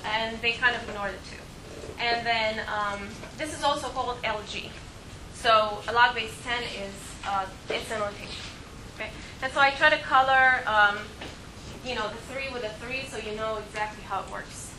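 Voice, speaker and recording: A woman's voice: fairly high pitch, normal speed, noisy background. A woman giving a math lecture, explaining step by step with frequent fillers and restarts. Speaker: teacher.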